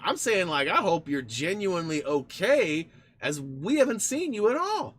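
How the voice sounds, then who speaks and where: A man hosts a live stream with a bright, forward tone, and his pitch rises and falls a great deal as he talks. His chat is loose and rambling, with restarts, as he thanks supporters by name. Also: wildly swooping pitch, brisk, husky. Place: in front of a green screen.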